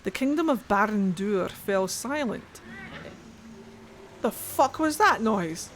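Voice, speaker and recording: A woman's voice: medium pitch, animated, takes it slowly, slight background noise. A young woman streaming a game from home, reading its lore aloud with playful, self-mocking asides and stumbles over names, close to her microphone.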